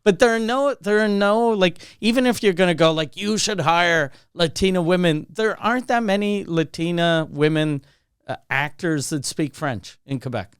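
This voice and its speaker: A man co-hosting a podcast in casual chat, telling stories in an animated way and acting out quotes. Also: high-pitched, normal speed, smooth, dry recording, clean studio sound. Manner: animated storytelling, acts out quotes. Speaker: podcast co-host.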